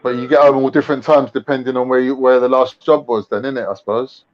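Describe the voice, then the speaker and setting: A man's voice: mid-range voice, fairly even intonation, fast. A young man with a London accent hosting a casual livestream chat, full of mocking slangy banter. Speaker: livestream host. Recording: lo-fi livestream audio.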